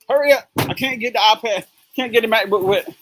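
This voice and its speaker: A man hosting a motivational live stream in casual chat, animated and joking, laughing often. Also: sits high, fairly quick, no room sound, low-quality recording.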